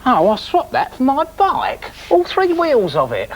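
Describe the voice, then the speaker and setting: A man's voice: very high voice, wildly swooping pitch, unhurried, slight background noise, rough recording. A man presenting on children's TV, rambling enthusiastically through a daft scripted comedy sketch.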